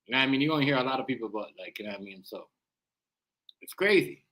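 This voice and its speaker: A man with a Jamaican accent hosts a livestream, racing through casual reaction commentary in a medium-pitched, expressive, sharp-toned voice. He's slangy and emphatic, repeatedly circling back with "you know what I mean".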